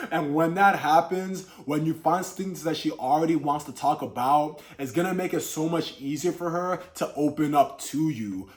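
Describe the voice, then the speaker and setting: A man giving earnest Christian relationship advice to camera, addressing his viewers as brothers in a coaching talk. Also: a little high. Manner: demonstrates tone of voice in examples.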